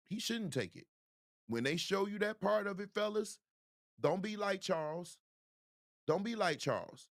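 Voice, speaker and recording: A man's voice: fairly high pitch, dry recording, studio quality. A man hosting a video show, talking casually and straight to his viewers. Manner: animated, talks straight to viewers. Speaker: show host.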